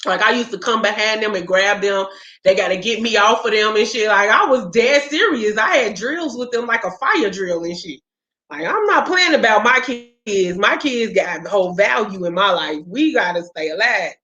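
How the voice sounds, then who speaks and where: A woman's voice: medium pitch, expressive, normal speed, sharp tone. A woman hosting a casual chat, telling stories in a blunt, profane, fired-up way. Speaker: podcast host. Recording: roomy, dull lo-fi sound.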